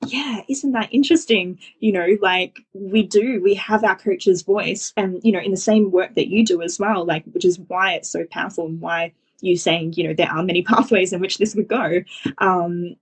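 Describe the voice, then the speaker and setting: A woman's voice: fairly low pitch, fairly even intonation, moderate pace, breathy edge. A woman hosting a podcast, talking enthusiastically and affirming her guest, with many fillers like "you know". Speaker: podcast host, business coach. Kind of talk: casual podcast conversation.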